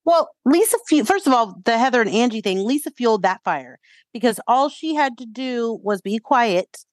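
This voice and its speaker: Woman co-host, somewhat high voice, dry close sound, emphatic chatty gossip recap. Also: expressive, moderate pace, dry recording. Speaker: podcast co-host. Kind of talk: casual gossip chat.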